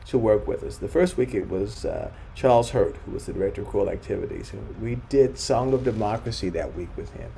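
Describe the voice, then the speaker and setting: A man's voice: medium pitch, creaky, darkish tone, slight background noise. An older man, a choral conductor, telling stories from his life in a reflective way, often restarting his sentences and acting out the people he quotes. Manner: reflective, frequent restarts, acts out quoted voices. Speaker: choral conductor speaking at a forum. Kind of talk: anecdotal storytelling talk.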